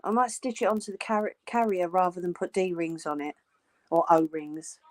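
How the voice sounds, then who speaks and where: A woman's voice: on the low side, moderate pace, a little mellow. A woman hosting a live crafting stream, chatting casually and joking with viewers as she sews, a little tired. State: tired, yawning. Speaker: crafting livestream host. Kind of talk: casual chat while sewing live.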